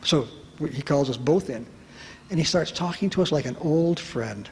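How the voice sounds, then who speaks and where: A man telling a personal story to an audience at a retreat, lively and self-mocking, acting out the voices of the people in it. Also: fairly high pitch, moderate pace. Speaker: speaker at a retreat. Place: large hall at a retreat. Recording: reverberant hall with faint background noise.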